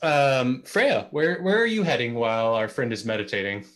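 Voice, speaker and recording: A man's voice: mid-range voice, moderate pace. A male game master describing the scene to his players. He rambles, restarts phrases and keeps things easygoing. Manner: rambling, repeats words, relaxed and friendly. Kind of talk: narrating a tabletop game.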